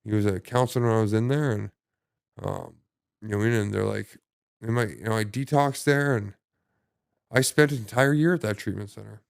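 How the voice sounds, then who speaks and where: A man with a somewhat low voice talks casually as a podcast guest. He swears often and circles back through fillers and false starts. The sound is dry and close. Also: steady tone, gravelly, smooth, no echo. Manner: halting, profane, many restarts and fillers. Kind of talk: casual conversation.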